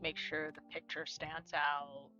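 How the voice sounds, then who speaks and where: A woman's voice: deep voice, level tone, a little slow, bright, forceful tone, lo-fi sound, faint music behind. A young woman streamer chatting casually while she plays a cozy game with a friend. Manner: chatty, playful, talks to a co-host and chat. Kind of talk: casual gameplay commentary.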